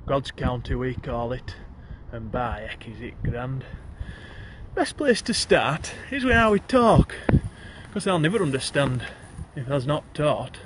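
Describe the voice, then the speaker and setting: A man's voice: medium pitch, very animated, measured pace, noisy background. A man with a broad Yorkshire accent reciting comic rhyming verse, addressing the listener as thee. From Yorkshire, England.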